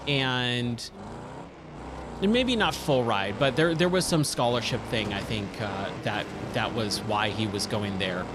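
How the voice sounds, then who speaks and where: Casting: a thirtyish male streamer, mid-pitched and unhurried, who rambles and corrects himself over game noise. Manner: rambling, with frequent fillers and self-corrections. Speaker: gaming streamer. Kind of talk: casual storytelling while gaming. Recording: loud racing game sounds underneath.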